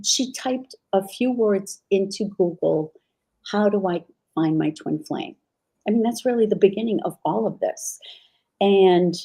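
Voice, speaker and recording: A woman's voice: on the low side, mellow. A woman guest, an aunt, telling a personal story on a podcast in a candid, exasperated way. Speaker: guest, aunt of a former cult member.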